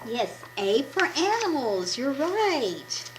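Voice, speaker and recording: Hoarse scratchy-voiced woman hosting a kids puppet show, slow and sing-songy, noisy background hiss. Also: sits high. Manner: warm, encouraging teacher talk to children. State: hoarse from a cold. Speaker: puppet ministry host. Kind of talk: children's devotional puppet show. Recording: steady background noise.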